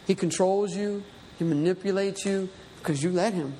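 High-voiced preacher in a reverberant hall. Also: male voice, moderate pace, mellow, slight background noise. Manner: storytelling, conversational, rising emphatic. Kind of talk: sermon. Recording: reverberant hall with faint ambience.

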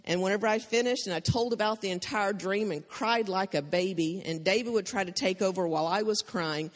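A woman's voice: mid-range voice, fairly quick. A woman giving a church testimony, telling her story with emotion and frequent laughter. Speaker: missionary speaker. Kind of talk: testimony sermon. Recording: long hall reverb.

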